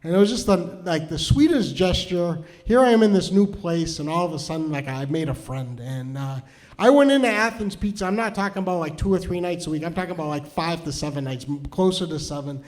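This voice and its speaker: Middle-aged male storyteller, high voice, chatty and self-mocking, stops and restarts. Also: brisk, darkish tone. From New Hampshire. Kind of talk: stand-up storytelling.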